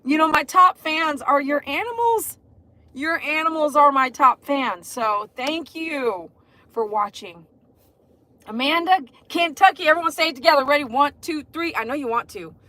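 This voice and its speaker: A middle-aged Texan dog groomer chats casually on her livestream, effusively greeting viewers by name and leading sing-song chants. Her voice sits high, sharp, and animated at normal speed, with no room sound.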